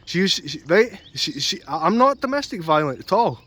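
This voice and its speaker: A man's voice: high-pitched, very animated, normal speed, bright, forceful tone. A young man ranting angrily and repetitively about a custody dispute, swearing often. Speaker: vlogger. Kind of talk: angry personal rant.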